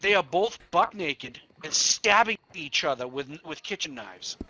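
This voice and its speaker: A man's voice: on the high side, unhurried, dull audio, a little hiss or hum. A police officer telling stories in casual chat, swearing freely, laughing mid-story and acting out the people he quotes. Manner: animated, acts out quotes. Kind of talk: casual storytelling while gaming.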